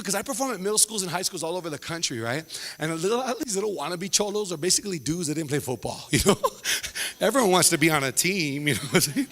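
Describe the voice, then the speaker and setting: Lively, high-voiced comedian. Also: male voice, in a large hall. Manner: animated, laughing, acting out voices. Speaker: stand-up comedian. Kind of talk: stand-up comedy set.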